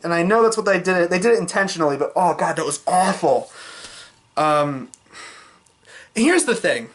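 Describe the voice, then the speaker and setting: A man talking through a film in a loose, off-the-cuff review vlog. His voice sits a bit high, and he hedges and restarts as he goes, blunt and fed up with the weak parts. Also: expressive, moderate pace, a bit bright. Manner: rambling, with many fillers and restarts; frank, exasperated criticism.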